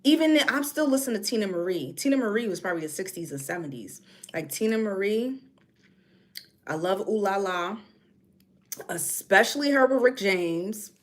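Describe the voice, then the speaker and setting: A woman's voice: medium pitch, expressive, normal speed. A woman from New York with a New York accent, chatting casually on a livestream and reading comments, drifting between topics. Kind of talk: casual chat.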